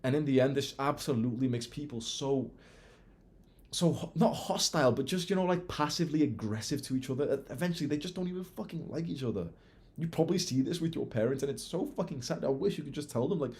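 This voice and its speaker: A young man giving a casual self-improvement monologue, blunt and animated, swearing freely. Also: mid-range voice, a little fast.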